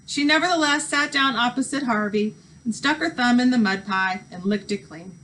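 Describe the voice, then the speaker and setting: A woman teacher reading a novel aloud to students with expressive narration. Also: on the high side, moderate pace, slight background noise, rough recording.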